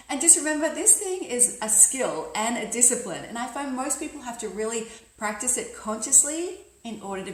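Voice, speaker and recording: Brief: woman, career coach, emphatic and upbeat, slightly high voice, echoey room. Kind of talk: instructional talk to camera.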